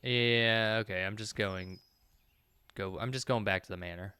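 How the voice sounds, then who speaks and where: A man's voice: lowish voice, unhurried, bright, forceful tone, clean tone, no room sound. A man playing through a visual novel, casually muttering his thoughts while reading. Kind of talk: casual let's-play commentary.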